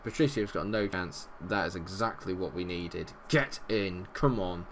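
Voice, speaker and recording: A man commentating on his own football management game, animated and bursting into shouts at goals, a little unwell. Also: low-pitched, unhurried, hardly any pauses, a little hiss or hum. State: unwell, not feeling great. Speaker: gaming video host.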